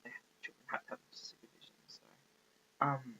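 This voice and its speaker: A man's voice: a little fast, bright, forceful tone, whispered, dull audio. A man giving a casual, rambling film review, often losing his train of thought and filling gaps with ums. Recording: faint background noise, poor audio.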